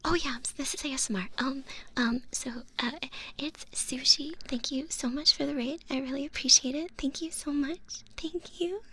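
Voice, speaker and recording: A woman streamer chatting in an ASMR stream, mostly in soft whispers on a binaural microphone, breaking into giddy, excited exclamations. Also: high voice, moderate pace. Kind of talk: whispered ASMR livestream chat.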